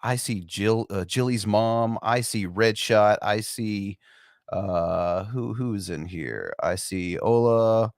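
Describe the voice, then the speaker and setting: A man's voice: on the low side, slow, no room sound, studio quality. A man hosting a livestream in casual chat, stammering and repeating words as he chuckles. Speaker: livestream host.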